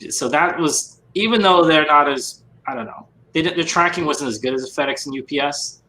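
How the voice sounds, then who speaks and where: Bright-voiced man in an echoey room. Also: a little high. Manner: measured, thoughtful, halting restarts. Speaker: podcast host. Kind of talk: casual chat.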